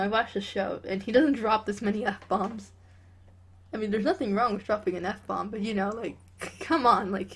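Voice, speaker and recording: A woman's voice: mid-range voice, breathy edge. A young woman reading a story aloud and breaking off for sarcastic, casual commentary. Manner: sarcastic, casual, quick asides.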